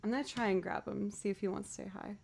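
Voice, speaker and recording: A woman's voice: medium pitch, fairly even intonation, fast talker, vocal fry, a little mellow. A woman musician chatting casually on her livestream, bubbly as she thanks viewers one by one.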